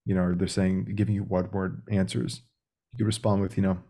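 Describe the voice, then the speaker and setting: A man's voice: sits low, little pitch movement, brisk, warm tone. A young man speaking as a podcast guest about sales, talking directly and acting out phone calls. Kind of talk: casual interview talk.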